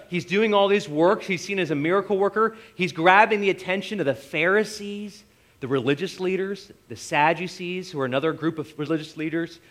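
A man preaching a sermon, retelling Bible stories with animated voices for the disciples. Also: fairly high pitch. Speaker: pastor.

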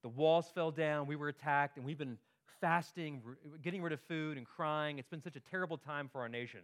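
Man preaching in a slightly high voice. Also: fairly quick. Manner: conversational preaching, frequent tag questions and repeated words. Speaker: pastor. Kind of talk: sermon.

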